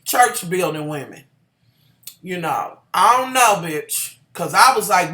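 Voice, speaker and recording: A vlogger recapping a TV episode in a sassy, profane, animated rant. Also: medium pitch, slow. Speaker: TV show reviewer. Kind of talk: casual ranting recap. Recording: echoey room.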